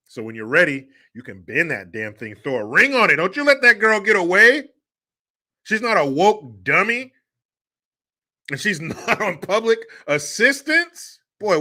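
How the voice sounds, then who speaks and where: A man's voice: mid-range voice, sharp tone. A man hosting a livestream, telling family stories in a joking, crude way and laughing often. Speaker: host. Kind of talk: casual livestream talk.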